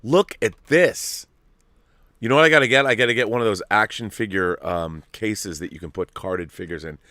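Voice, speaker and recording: A man hosting a casual live-stream chat, excitable and gushing, rambling with restarts. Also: lowish voice, moderate pace, no room sound, clean studio sound. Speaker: host.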